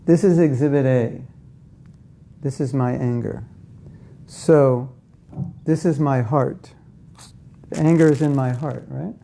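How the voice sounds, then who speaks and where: A man's voice: mid-range voice, fairly even intonation, slow, creaky, pauses often, warm tone, slight background noise. A man giving a conversational spiritual talk to a live audience, often asking them questions and acting out inner voices. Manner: acts out inner voices in quotes. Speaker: spiritual teacher.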